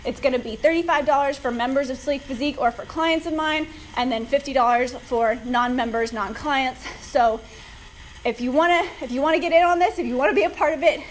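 Upbeat woman host, bright high register, talks while riding a bike, light noise behind. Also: rough recording. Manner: upbeat, chatty, gives advice directly. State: slightly out of breath from cycling. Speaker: podcast host, fitness coach. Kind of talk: casual solo podcast talk.

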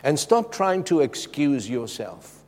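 Middle-aged male preacher from Zimbabwe, slightly high voice, passionate, shifts from loud to hushed, long hall reverb. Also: sing-song, slow. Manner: impassioned, swinging from loud emphatic lines to hushed, soft ones. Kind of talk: sermon.

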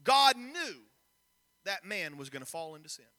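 A man's voice: high-pitched, sing-song, normal speed, pushed and bright, big-room sound. A man preaching a sermon in a church, reading scripture and questioning the congregation directly. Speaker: pastor. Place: church sanctuary.

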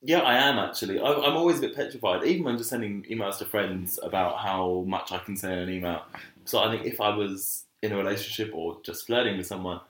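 A man's voice: fairly low pitch, fast, a bit bright. Thoughtful, agreeable man in an echoey room. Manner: thoughtful, agreeable, laughs often. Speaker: co-host. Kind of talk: casual chat. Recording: roomy echo.

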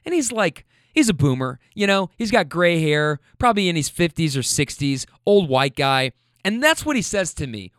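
Man, casual storyteller, emphatic and profane; lively pitch, dry close recording. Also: moderate pace, no echo. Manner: animated, profane, emphatic, keeps asking "okay?".

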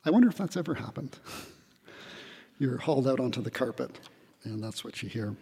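A man giving a spiritual retreat talk in a hall, reflective and gently humorous, pausing often with fillers. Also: mid-range voice, expressive, gravelly, slightly rough. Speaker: retreat speaker.

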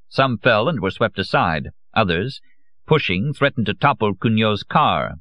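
A man reading a novel aloud as an audiobook narrator, in a measured, grave manner. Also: on the low side, very animated, no room sound, lo-fi sound.

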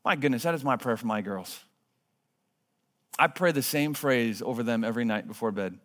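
A man in his thirties preaching a sermon in a church, earnest, moving between hushed and emphatic delivery. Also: medium pitch, normal speed. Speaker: pastor. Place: church sanctuary. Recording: long hall reverb.

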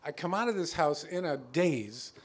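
A man telling a true story on a stage before a live audience, halting and stammering as he acts out the quotes. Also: a little high, animated.

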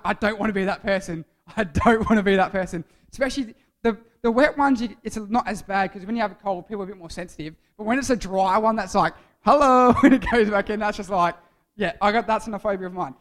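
Youth preacher, male, high voice, jokey and interactive. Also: quick pace. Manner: playful, jokey, quizzes the audience.

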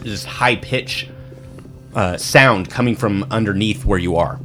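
A man's voice: on the low side, measured pace, music in the background. A man narrating a tabletop game as game master, describing scenes loosely with many fillers and restarts.

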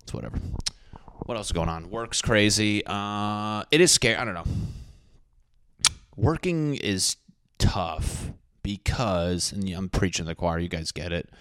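A man's voice: fairly low pitch, animated, unhurried, long pauses, a bit bright, clear, resonant tone, no echo, clean studio sound. A man in his thirties hosting a solo podcast from his apartment, rambling, swearing and mocking himself as he jumps between topics. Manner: rambling, profane, self-mocking. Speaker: podcast host.

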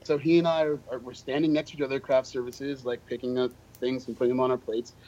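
A man on a podcast casually tells self-deprecating stories about his days as a drummer, speaking quickly in a mellow, mid-range voice with little pitch movement. The podcast audio is dull and lo-fi.

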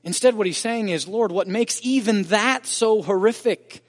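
Male pastor, higher-pitched voice, earnest emphatic sermon delivery, long church reverb. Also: normal speed. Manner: earnest, emphatic preaching with rising intensity. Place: church sanctuary.

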